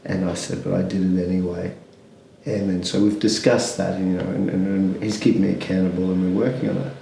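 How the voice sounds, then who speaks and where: A man's voice: sits low, little pitch movement, a little fast, vocal fry, mellow, echoey room, a little hiss or hum, poor audio. A man, speaking candidly as an interview guest, rambling with many restarts and fillers.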